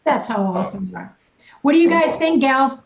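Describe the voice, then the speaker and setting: A woman's voice: high-pitched, lively intonation, a little fast, gravelly, echoey room, poor audio. A woman wellness coach leading a group video call in an upbeat, teasing, blunt manner. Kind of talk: casual coaching chat.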